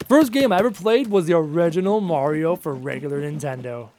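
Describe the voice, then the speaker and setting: Responding to chat on his live game stream, a gaming streamer from Canada talks casually and briskly, often repeating himself with emphasis. His voice is fairly high-pitched and darkish, and there's slight background noise.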